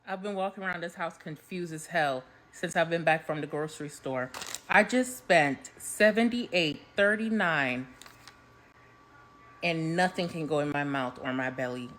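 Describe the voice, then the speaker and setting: Animated woman retelling a story at home. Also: low-pitched, a little slow, a little hiss or hum. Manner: animated, comic retelling, swears. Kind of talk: casual vlog storytelling.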